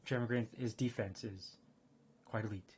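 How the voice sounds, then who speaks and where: A man streaming casual chat, rambling and excitable, full of fillers and restarts. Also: on the low side, normal speed, breathy edge. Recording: dull lo-fi stream audio.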